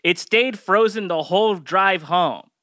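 Man, podcast guest, high voice, bright tone, laughs a lot, dry close sound. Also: a little slow, dry recording. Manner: chatty, laughs often. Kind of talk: casual chat.

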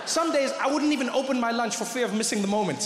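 A man doing stand-up comedy on a large theatre stage, telling a story in an animated, vivid way. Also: very high voice, fast talker, noisy background. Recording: reverberant theatre with audience.

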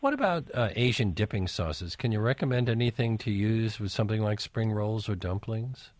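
Male call-in host, low and dry-miked, keeps things moving. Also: expressive, moderate pace, no echo. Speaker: radio show host. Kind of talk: radio call-in hosting.

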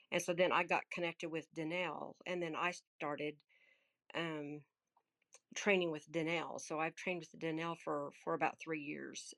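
Hesitant low-voiced woman in her sixties. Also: fairly bright tone. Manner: hesitant, many fillers. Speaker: audience speaker. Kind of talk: casual sharing.

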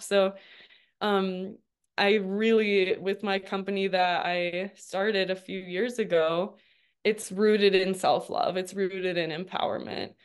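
A woman's voice: mid-range voice, fairly even intonation, slow pace, clear, resonant tone. A woman in her thirties telling her story as a guest in a casual interview, chatty and laughing often. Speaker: guest, registered dietitian.

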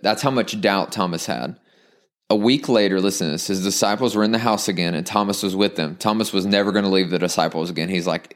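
A young adult man preaching a sermon in a conversational, animated way, reading scripture and acting out quick asides. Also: low voice. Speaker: pastor.

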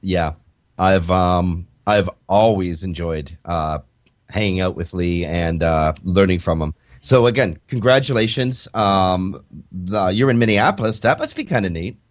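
A man's voice: sits low, a little slow. A man from Canada hosting a web radio show, chatting casually and joking with his guest. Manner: chatty, joking, animated delivery.

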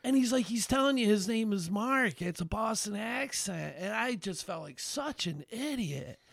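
A man, a songwriter and bandleader, chatting casually as a podcast guest, telling stories in an animated, rambling way with lots of fillers and restarts. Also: high-pitched, normal speed, vocal fry, dry recording. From Albany, New York area. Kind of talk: casual chat, storytelling.

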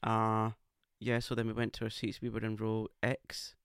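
Gravelly camp man, chatty podcast host. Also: lowish voice, monotone, normal speed, fairly bright tone, no echo, studio quality. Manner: camp, playful teasing. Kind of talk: casual chat. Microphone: podcast microphone.

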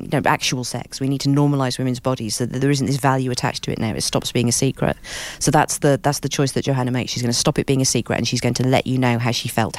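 A middle-aged British woman talks very fast in a candid interview, blunt and unafraid to swear. She fills her rushing sentences with "you know" and "like." Her voice sounds dry and close to the mic. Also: a bass voice, a little mellow, dry recording. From Britain. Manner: blunt, rapid and swearing freely, with many "you know" fillers. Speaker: author and guest.

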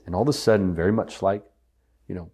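A man's voice: sits low, quick pace, mellow, breathy edge. A man speaking as a guest on a podcast, earnestly teaching and repeating phrases for weight.

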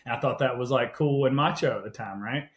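A man telling personal stories as a podcast guest, animated and conversational, often checking in with "right?". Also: medium pitch, brisk. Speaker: podcast guest, health coach. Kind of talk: casual storytelling interview. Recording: roomy echo.

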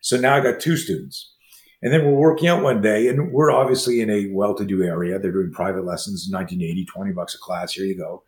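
A man in his sixties who teaches martial arts, telling stories as an interview guest and acting out the dialogue in quick, animated bursts. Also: sits low. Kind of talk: storytelling in a conversation. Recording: roomy echo.

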